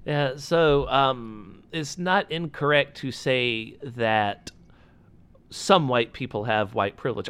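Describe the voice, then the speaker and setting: A man's voice: mid-range voice, a bit bright, clean tone. A man co-hosting a casual podcast, giving blunt opinions with jokes and casual swearing. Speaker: podcast co-host.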